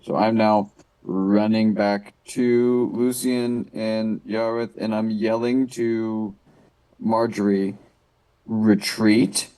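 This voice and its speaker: A man's voice: fairly low pitch, dark tone, rough recording. A man playing a tabletop game, plainly describing what his character does. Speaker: player.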